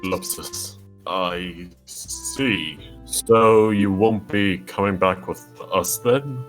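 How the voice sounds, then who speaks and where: A man reading visual novel dialogue aloud with friends over voice chat, with brisk, friendly line reading. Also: deep voice, fairly bright tone, soft background music.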